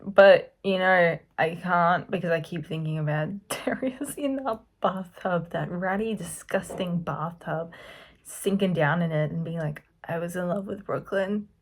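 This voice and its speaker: A young adult woman rambling excitedly in a casual reaction vlog, gushing over a TV series. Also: fairly low pitch, unhurried.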